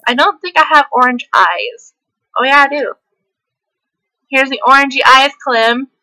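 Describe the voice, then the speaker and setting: On a rough recording, a woman with a high, sharp-toned voice talks a little slowly. She hosts a gameplay video, chatting hyperly as she plays, laughing often and at times slipping into a country twang.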